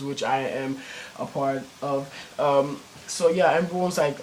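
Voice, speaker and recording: A man's voice: medium pitch, measured pace, darkish tone, a little hiss or hum, poor audio. A teenage boy telling a story in a casual vlog, rambling with many fillers and restarts and plenty of cursing. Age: teens. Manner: cursing, slangy.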